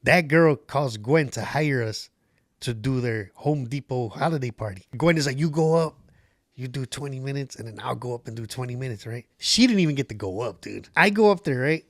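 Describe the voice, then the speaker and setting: A man's voice: medium pitch, lively intonation, normal speed, no echo, clean studio sound. A man, a comedian guest on a podcast, telling stories in casual chat, swearing a lot and acting out the voices of people in his anecdotes. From Los Angeles area.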